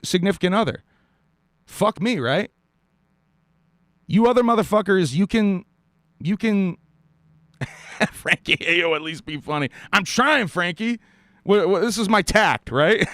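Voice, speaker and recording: A man from South Carolina hosts a live stream, talking bluntly and with plenty of profanity. His pitch swings widely and sits a little high, and his mouth sounds dry. The room sound is dry and close. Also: fairly bright tone, dry recording. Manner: blunt, profane, emphatic with short laughs. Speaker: podcast host. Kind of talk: live-stream commentary rant.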